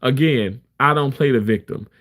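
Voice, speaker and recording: A man's voice: medium pitch, normal speed, fairly bright tone. A man talking to camera as a live streamer, telling a story in a candid, emphatic way with many restarts. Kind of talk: casual storytelling rant.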